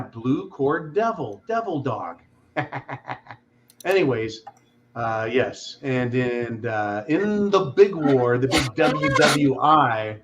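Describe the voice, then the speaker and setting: A man hosting a casual livestream chat, joking loudly and swearing freely. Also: on the high side, highs cut off. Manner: profane, joking, boisterous. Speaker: host.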